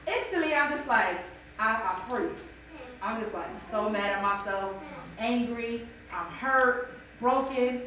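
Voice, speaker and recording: A high-voiced woman tells an emotional, animated story to a church bible study group, acting out the voices of the people in it. She sounds far from the mic in a very echoey room with steady background noise. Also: unhurried. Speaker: mother sharing in bible study. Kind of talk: personal testimony in a group discussion.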